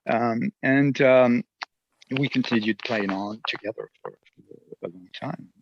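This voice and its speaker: A musician with a French accent, telling stories in a casual interview, animated and laughing often. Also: male voice, medium pitch, measured pace, creaky, muffled recording, slight background noise. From near Geneva. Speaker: musician guest.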